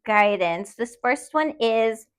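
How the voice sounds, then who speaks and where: A woman's voice: a little high, expressive, takes it slowly, smooth. A woman hosting a podcast, telling a story in a rambling, self-conscious way with nervous laughs. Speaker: podcast host. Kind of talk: casual solo podcast storytelling. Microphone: studio podcast mic.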